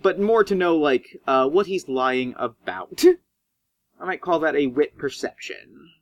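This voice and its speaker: A man narrating a tabletop game as game master, animated and swinging in pitch as he describes scenes. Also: unhurried, no room sound.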